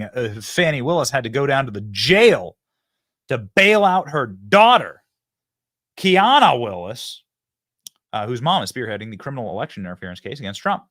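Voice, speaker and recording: A man's voice: medium pitch, no room sound, studio quality. A man hosting a political commentary show, talking in a casual, mocking way and laughing often. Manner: animated, sarcastic, laughs often. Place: studio.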